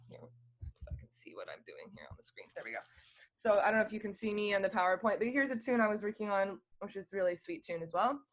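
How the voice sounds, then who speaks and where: A woman's voice: mid-range voice, fairly bright tone, slight background noise. Woman teaching fiddle over a video call. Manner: friendly, explanatory, counts beats aloud. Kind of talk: online music lesson.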